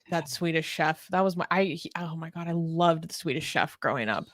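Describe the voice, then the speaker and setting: Young woman cohost chatting on a livestream, lively and jokey, dry close sound. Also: deep voice, brisk, dry recording. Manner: animated, self-mocking, laughs often. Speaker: co-host. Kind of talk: casual livestream chat.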